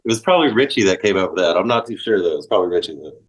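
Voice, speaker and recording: A man telling stories in a relaxed, casual way, swearing freely and saying "like" a lot. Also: low-pitched, rapid-fire. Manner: laid-back, swears freely, lots of likes. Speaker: guest. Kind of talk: casual storytelling.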